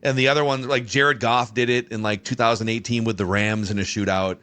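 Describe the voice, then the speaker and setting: A man hosting a football podcast, setting up topics in a brisk, conversational way. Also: medium pitch, steady tone, pushed and bright. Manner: brisk, conversational host patter. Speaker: podcast host. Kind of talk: casual sports talk.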